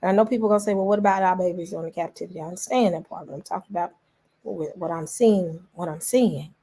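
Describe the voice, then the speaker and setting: Middle-aged woman vlog host, lowish husky voice, casual, heartfelt, repeats key lines to her viewers. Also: fast, dark tone. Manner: repeats phrases for emphasis, talks straight to the audience. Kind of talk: emotional casual commentary to viewers.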